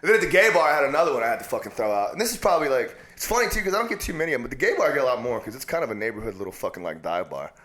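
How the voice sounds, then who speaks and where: A man's voice: mid-range voice, very animated, racing, hardly any pauses, a bit bright. A man, a guest on an interview show, telling stories in casual chat with heavy swearing and laughing asides. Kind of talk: casual storytelling. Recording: roomy echo.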